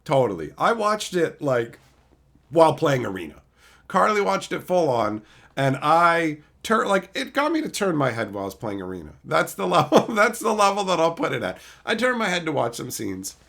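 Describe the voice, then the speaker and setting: Animated swearing livestream ranter, a man. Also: fairly high pitch, moderate pace, vocal fry. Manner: animated, swearing, mocking voices of commenters. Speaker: streamer reading live chat. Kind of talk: casual livestream rant.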